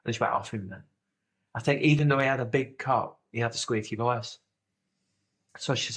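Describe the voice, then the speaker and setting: A man's voice: medium pitch, fairly quick, pauses often, fairly bright tone. A man, co-hosting a podcast in casual comedic chat, rambling through stories, swearing freely and slipping into silly voices. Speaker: podcast co-host.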